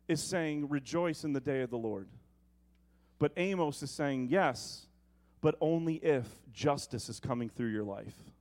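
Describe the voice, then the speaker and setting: A middle-aged pastor with a medium-pitched voice delivers a sermon. He shifts between loud, emphatic preaching and quiet, conversational storytelling.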